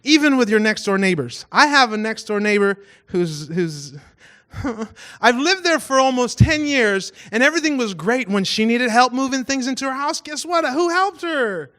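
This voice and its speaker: Lively, bright-voiced man preaching. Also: very high-pitched, normal speed. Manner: animated, acts out voices in his stories, self-mocking humor. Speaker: pastor. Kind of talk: casual storytelling sermon.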